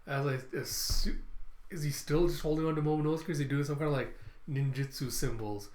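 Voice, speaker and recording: Excitable man recapping a comic chapter. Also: a little high, a little fast. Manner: excitable, acts out the dialogue. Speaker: comic reaction reviewer. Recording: roomy echo.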